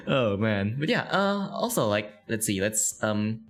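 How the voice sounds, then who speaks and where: A man's voice: medium pitch, huge pitch swings, takes it slowly, a bit bright. A man hosting a casual online interview, rambling with many fillers and laughing often. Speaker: interview host. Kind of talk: casual video interview chat.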